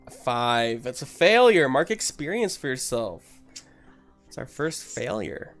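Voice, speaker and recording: A man runs a tabletop game as its game master. He narrates loosely and leans on plenty of fillers, speaking at a middling pitch. Faint music sits underneath. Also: big pitch swings, measured pace, fairly bright tone.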